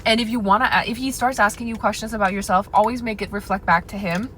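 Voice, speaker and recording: Young woman, sassy advice vlogger talking to camera, mid pitch, faint background noise. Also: fairly even intonation, quick pace, fairly bright tone, rough recording. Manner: sassy, addresses viewer as girl and honey. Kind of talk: direct-to-camera advice monologue.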